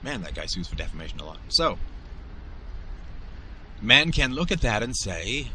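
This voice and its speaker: A man's voice: mid-range voice, lively intonation, moderate pace, bright, forceful tone, slight background noise, rough recording. A man hosting his own show, giving an emphatic solo commentary monologue and often tagging his points with a rhetorical "right?". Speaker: podcast host.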